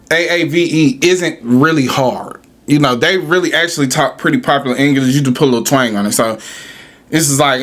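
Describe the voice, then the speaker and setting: Animated profane man ranting on a podcast. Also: a little high. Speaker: podcast host. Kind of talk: casual podcast rant.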